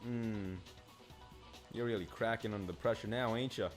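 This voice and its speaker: A man streaming a live game playthrough, excitable and swearing as he yells at the characters. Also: fairly low pitch, moderate pace. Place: home streaming setup. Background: game music.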